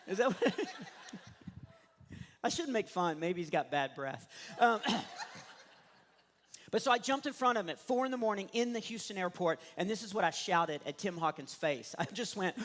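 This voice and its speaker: A man from Texas with a Texan accent, doing stand-up comedy, telling stories in an animated way and laughing at his own jokes. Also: sits high. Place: church stage. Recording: long hall reverb.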